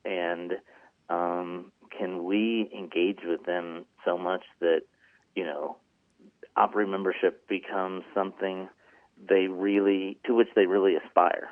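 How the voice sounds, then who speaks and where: A man's voice: sits low, little pitch movement, takes it slowly, no room sound. A man being interviewed as an executive producer, talking earnestly and rambling with lots of ums. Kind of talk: casual interview talk. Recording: tinny phone-like line.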